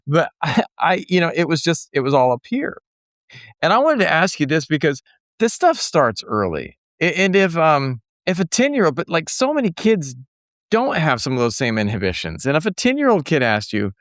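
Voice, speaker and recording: A man's voice: on the high side, very animated, moderate pace, fairly bright tone, dry recording, studio quality. A man hosting a podcast interview, laid-back and laughing often as he retells everyday moments. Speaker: podcast host. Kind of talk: conversational interview.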